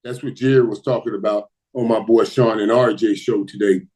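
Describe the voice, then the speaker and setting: A man hosting a casual live stream and answering viewer questions, excitable and repeating himself, jumping from loud bursts to low mutters. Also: a little fast, low-quality recording.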